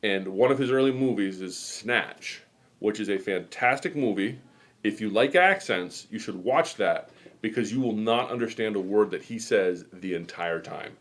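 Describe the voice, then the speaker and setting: Middle aged guy hosting, kinda low voice, rambly chatty stories. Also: normal speed. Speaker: host. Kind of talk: casual chat.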